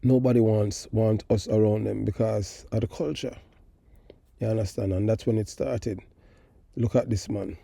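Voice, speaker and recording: A middle-aged Jamaican-accented host of a call-in talk show rambles emphatically about politics, drifting between patois and standard English. He talks at normal speed in a low, dark voice with vocal fry and fairly even intonation, with no echo in the audio.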